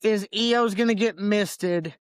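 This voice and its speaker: A man's voice: high voice, slow, smooth, dry recording. A man co-hosting a casual wrestling podcast in a loose, laid-back way, often repeating words as he talks. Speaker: podcast co-host.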